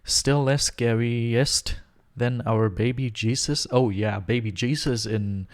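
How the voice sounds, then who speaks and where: This medium-pitched male voice speaks slowly as he plays a game on a home livestream by himself. He rambles, cracks jokes for his chat, and keeps breaking into chuckles.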